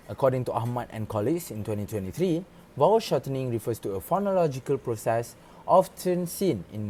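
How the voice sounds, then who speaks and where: A man's voice: mid-range voice, dark tone, slight background noise. A man from Malaysia giving a scripted academic presentation as a student, explaining points in order. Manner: explanatory, reads from prepared script.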